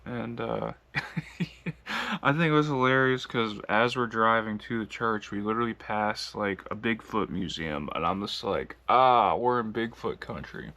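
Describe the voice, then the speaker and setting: A man's voice: lowish voice, normal speed, bright, forceful tone. A man from the United States casually telling a travel story, rambling with lots of fillers and laughing as he goes. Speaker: long-distance walker vlogging.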